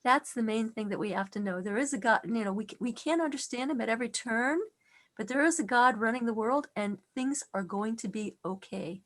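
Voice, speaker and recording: Middle-aged woman teacher, higher register, earnest and expressive, tells a personal story with restarts. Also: a little fast. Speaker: class teacher.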